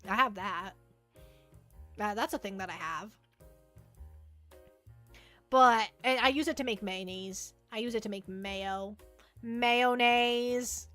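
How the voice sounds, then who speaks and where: A woman's voice: mid-range voice, slow, pauses often, pushed and bright, soft background music. A woman hosting a livestream, chatting casually and rambling as she answers viewer questions, often repeating herself and joking at her own expense. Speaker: livestream host.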